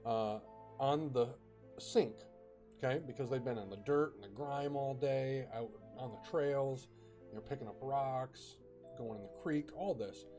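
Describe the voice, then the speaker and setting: A man's voice: mid-range voice, a little slow, warm tone, soft background music. A man casually telling a ghost story, chatty, with fillers and bursts of dramatic emphasis.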